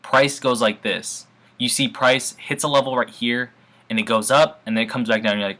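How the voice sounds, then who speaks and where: A man's voice: medium pitch, a little fast, bright, forceful tone. A man teaching forex trading basics over a screen share, talking in an offhand, informal way and calling his viewers guys. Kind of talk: casual screen-share tutorial.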